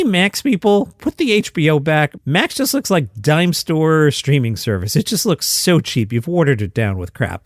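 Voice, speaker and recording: Lively man reading comedy headlines. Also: on the high side, dry recording, studio quality. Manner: lively, sarcastic asides. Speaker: comedy news podcast host. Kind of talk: reading headlines and quotes, casual news podcast.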